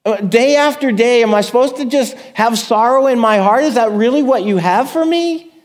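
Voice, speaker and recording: A man's voice: high voice, lively intonation, a little slow, a little mellow, voice pushed up. A man voicing an anguished psalmist who cries out to God in raised, strained pleas. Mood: desperate pleading. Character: desperate pleading male psalmist crying out to God.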